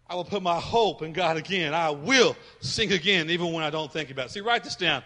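A man preaching a sermon in a large church, fervent and emphatic, sometimes rising to shouts. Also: high voice, animated, moderate pace. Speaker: pastor. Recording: long reverb of a church hall.

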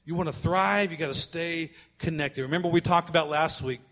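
A male pastor delivering a sermon, emphatic and repetitive, at times shouting. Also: a little high, fairly quick.

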